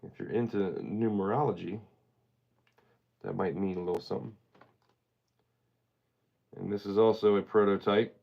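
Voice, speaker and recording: Man, live auction host, casual chat, grateful to viewers, lowish voice, muffled lo-fi sound. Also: fairly even intonation, moderate pace, vocal fry, pauses often. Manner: chatty, laid-back, often thanks viewers.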